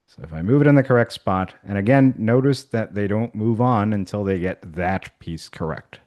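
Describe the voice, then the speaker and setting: Low-voiced man demoing math software. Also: normal speed. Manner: casual, thinking aloud with fillers and restarts. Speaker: math instructor. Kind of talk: workshop software demonstration.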